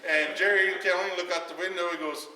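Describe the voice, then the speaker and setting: A man telling a long, animated story to a party audience, acting out the quoted voices and laughing often. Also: high-pitched, fast. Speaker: guest speaker telling a story at a retirement party. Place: large echoey hall at a party. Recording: far-off echoey hall recording with faint noise.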